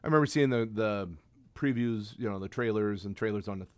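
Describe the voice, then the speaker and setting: A man with a low voice co-hosting a podcast in loose, casual chat. He rambles enthusiastically, often stopping and restarting his sentences. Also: brisk. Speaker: podcast co-host.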